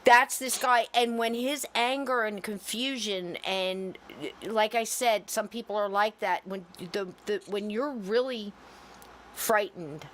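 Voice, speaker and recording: A woman telling a story on a podcast in a casual, expressive way, quick to laugh. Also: medium pitch, a little hiss or hum. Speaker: podcast host.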